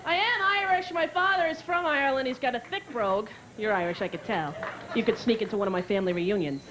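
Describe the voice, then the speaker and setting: A woman's voice: a little high, fast talker, noisy background. A woman comedian performing a stand-up set in a brash, sarcastic, profane way. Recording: live club with crowd laughter. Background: audience laughter.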